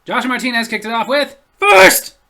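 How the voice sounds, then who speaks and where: A middle-aged man who hosts a comedy comment segment, reading viewer comments aloud in a deadpan, mock-newscaster delivery. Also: sits high, brisk.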